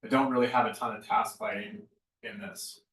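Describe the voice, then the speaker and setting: Speaking fast with a steady, slightly bright medium-pitched voice, a man delivers a conversational classroom lecture on lighting design. He often caps his points with a questioning "right?" The room echoes and he is far from the microphone.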